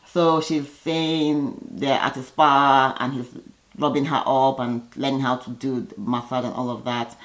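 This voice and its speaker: A woman vlogger giving a chatty, opinionated recap of a reality TV episode, with lively jumps in her voice. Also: poor audio. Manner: lively, gossipy, opinionated with sudden pitch jumps.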